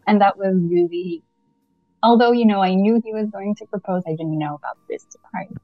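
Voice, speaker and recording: A woman from Canada, a podcast guest telling a lively story with frequent laughter and acted-out dialogue. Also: mid-range voice, normal speed, no room sound. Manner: animated, laughs often, acts out dialogue. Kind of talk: casual anecdote telling. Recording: muffled lo-fi, faint music.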